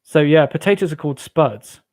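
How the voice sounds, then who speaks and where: A jovial English man hosts a casual late-night live stream, chatting loosely with his viewers. His voice sits a little on the high side for a man. The sound is close and dry, with no room around it. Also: a little fast, a little mellow, no echo. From England. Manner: jovial, rambling, laughs often. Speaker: livestream host. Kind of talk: casual chat with live chat readers.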